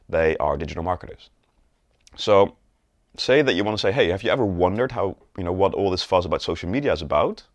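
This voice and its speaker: A man with a very low voice teaches sales in an instructional video, recorded close and dry with no room sound. He demonstrates rising, flat and falling tones in his examples. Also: no echo. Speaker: sales coach.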